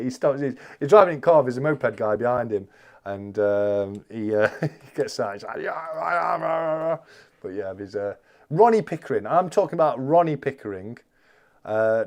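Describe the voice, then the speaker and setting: A man's voice: fairly low pitch, a little mellow. A man hosting a live stream, reading viewer comments aloud in a chatty, jokey way and calling people mate.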